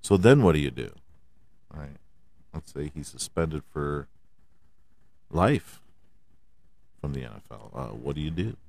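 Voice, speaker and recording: A man's voice: very deep voice, sing-song, a little slow, vocal fry, pauses often, a little mellow, no room sound. A man hosting a podcast, ranting about his football team in a heated, profane way and firing off rhetorical questions. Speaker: podcast host. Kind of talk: profane sports rant.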